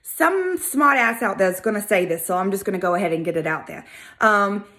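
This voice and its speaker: A woman with a Southern US accent hosting a video, telling a history story in a casual, animated, sassy way. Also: medium pitch, brisk, a faint crowd. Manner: animated, chatty, sassy asides. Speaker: video host.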